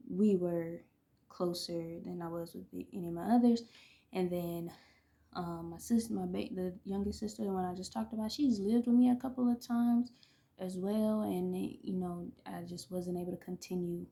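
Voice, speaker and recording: Here the oracle reader and vlogger, a woman in her thirties, speaks at a normal speed in a level, gravelly, mellow voice on the low side. Her personal stories wander casually, punctuated by frequent laughs and moments where she goes almost silent to a whisper.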